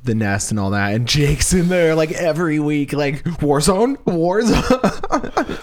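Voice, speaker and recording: A man's voice: on the high side, expressive, normal speed. A young man co-hosting a podcast, laid-back in a casual chat and giving short replies. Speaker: podcast co-host.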